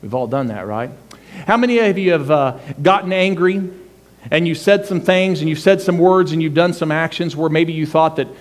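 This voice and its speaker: A man's voice: a little high, moderate pace. Earnest male pastor preaching. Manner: earnest, conversational, with many fillers. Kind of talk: sermon. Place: church.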